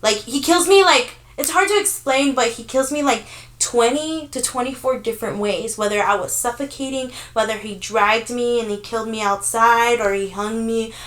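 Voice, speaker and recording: A young woman in her twenties, speaking a touch higher than most women. She tells her story loosely and animatedly, peppering it with fillers and the odd curse, like chatting with friends on a podcast. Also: moderate pace. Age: 20s. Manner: animated, filler-heavy, swears freely. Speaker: podcast co-host. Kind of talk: casual storytelling.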